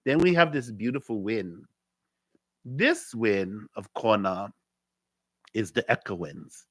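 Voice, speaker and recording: A man's voice: lowish voice, slow pace, fairly bright tone, no room sound. A man from Hawaii, a cultural teacher, giving a spiritual talk with stories; he repeats key phrases and acts out conversations.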